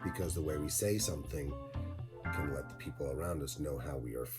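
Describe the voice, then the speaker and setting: A man narrating a lesson for children, talking slowly and deliberately and addressing the kids directly. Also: extremely low pitch, loud music behind the voice. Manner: slow, deliberate, talks straight to kids. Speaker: teacher.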